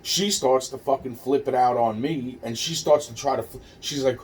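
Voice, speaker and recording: A man's voice: medium pitch, normal speed, darkish tone. A man casually telling a personal story, rambling and profane, with many restarts and fillers. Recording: distant mic with faint noise.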